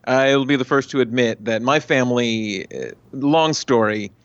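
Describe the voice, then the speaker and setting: A man guest on a podcast, telling stories in a casual, animated, rambling way. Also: mid-range voice, a little slow, clear, resonant tone, no room sound. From United States. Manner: animated storyteller, rambling asides. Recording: dry, dull lo-fi mic.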